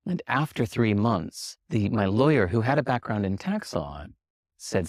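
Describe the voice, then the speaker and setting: A man being interviewed, telling a story in casual talk and acting out the dialogue with lively swings in pitch, laughing now and then. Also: normal speed, dry recording, studio quality. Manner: animated, acts out quoted dialogue with lively jumps in pitch. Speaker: interview guest.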